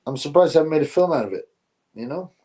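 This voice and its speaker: A man's voice: fairly high pitch, lively intonation, fast talker, mellow. Rambling man chatting on a live stream. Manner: rambling, drifts between topics, says "bro" often. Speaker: livestream host reading chat. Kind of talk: casual live-stream chat.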